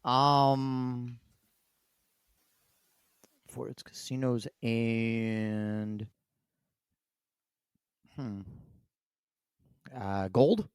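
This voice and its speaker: A man playing a trivia game, relaxed and a little hesitant as he answers. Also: mid-range voice, extremely slow, pauses often, clean tone, no echo, studio quality. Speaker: trivia contestant. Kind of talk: casual game banter.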